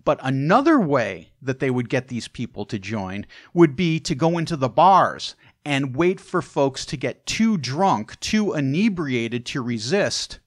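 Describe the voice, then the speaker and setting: A male podcast host who spins stories in an easygoing, conversational way, tossing in chatty asides as he goes. His voice sits at an ordinary middle pitch. It is recorded close on the mic with a dry, roomless sound. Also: very animated, unhurried, few pauses, no echo. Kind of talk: casual storytelling narration.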